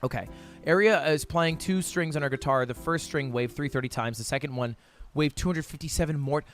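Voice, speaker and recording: A young man streaming himself solving math drills, reading questions aloud fast, muttering counts and shouting in frustration. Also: a little high, soft background music. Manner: frustrated outbursts, reads questions aloud fast, counts under his breath. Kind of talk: live-stream commentary while solving math problems.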